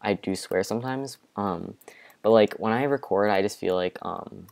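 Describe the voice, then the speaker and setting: A young man giving casual let's-play commentary from his bedroom, excitable, with panicky outbursts and repeated exclamations. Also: on the low side, normal speed, gravelly. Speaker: gaming video creator. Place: home bedroom.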